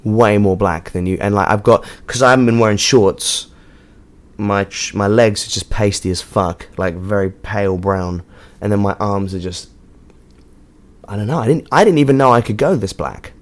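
An English man with a somewhat low voice talks off the cuff as host of his own show. He rambles from one thought to the next, swears freely and fills the gaps with ums and likes. His tone is joking and loose, a one-person chat. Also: moderate pace. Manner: rambling, sweary, jokey, with frequent fillers. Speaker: podcast host and touring musician. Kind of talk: casual monologue. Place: hotel room.

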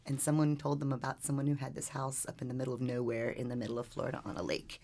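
Low, husky-voiced woman telling a story. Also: quick pace, few pauses. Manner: lively, animated storyteller. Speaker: newspaper reporter, podcast regular. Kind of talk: storytelling and casual chat.

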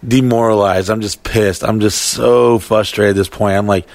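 A man with a gravelly, creaky voice spins a rambling, profanity-laden story in casual podcast chat. He circles back with fillers and restarts. The sound is close and dry, with no room around it. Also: fairly low pitch, fairly even intonation, normal speed, darkish tone, no echo.

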